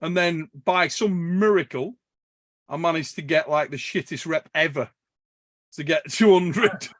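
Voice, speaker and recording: Bloke, pretty high voice, swearing n laughing thru a story, dry close sound. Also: male voice, a little slow, no echo. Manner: animated, swears a lot, laughs while telling stories. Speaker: podcast host. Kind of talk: casual storytelling chat.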